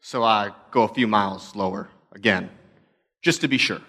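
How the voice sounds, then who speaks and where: A man's voice: on the low side, normal speed, pushed and bright. A young adult man, a pastor, telling stories in a conversational, self-deprecating sermon talk.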